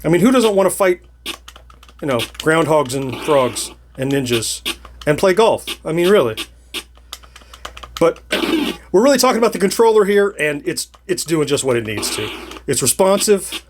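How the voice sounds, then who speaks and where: A man's voice: fairly high pitch, very animated, normal speed, long pauses, noisy background. A middle-aged man giving casual commentary while he plays retro games, chatty and laughing often, thinking aloud as he goes. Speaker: retro gaming video host.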